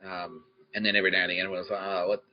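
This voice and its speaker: Man, deep low voice, crude rambling comic monologue, laughs at own jokes, muffled lo-fi sound. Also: level tone, rapid-fire. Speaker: podcast host. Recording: dull lo-fi recording with faint music.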